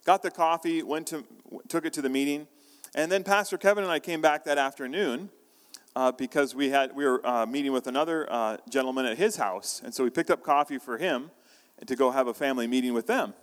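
A man's voice: medium pitch, fairly quick. A man preaching a sermon as pastor, telling a story in a conversational way with frequent restarts. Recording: long reverb of a large hall.

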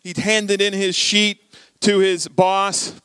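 A man's voice: high-pitched, slow, clean tone, no room sound. Man preaching through a story. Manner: animated, acts out quoted dialogue. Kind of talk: storytelling sermon.

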